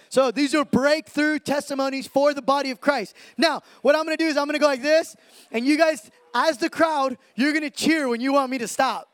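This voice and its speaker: A man speaking on stage to a crowd at a ministry event, hyped and preachy, firing off quick asides. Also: very high voice, no echo. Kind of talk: energetic stage talk to a crowd.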